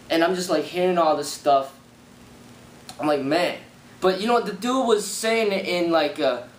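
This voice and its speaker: Man, young, rambling storyteller, repeats himself, echoey room, faint rumble. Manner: rambling, repeats phrases and fillers. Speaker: martial arts channel host. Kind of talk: casual personal storytelling.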